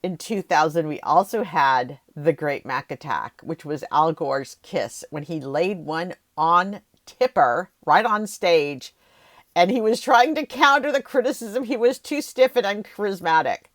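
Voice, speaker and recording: A woman's voice: on the low side, expressive, measured pace, no echo, studio quality. A woman hosting her own podcast, chatting casually about political history with wry jokes and asides. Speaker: podcast host; rhetorician. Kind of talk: casual solo podcast commentary.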